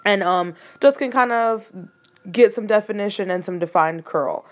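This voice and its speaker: A young woman casually narrating a hair tutorial, chatty and relaxed with frequent ums. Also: mid-range voice, moderate pace, dry recording.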